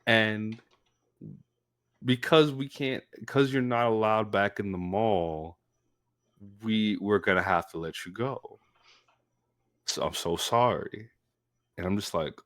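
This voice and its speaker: A young man co-hosting a podcast, telling a story in a casual, animated way. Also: slow, long pauses. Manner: animated storyteller, acts out quotes in a high voice. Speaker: podcast co-host.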